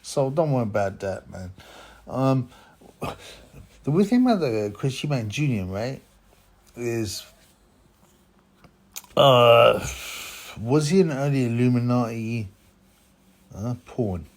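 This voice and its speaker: A man's voice: mid-range voice, animated, takes it slowly, long pauses. A man hosting a boxing channel, giving a rambling, opinionated commentary monologue full of asides and tags like "huh?" and "man".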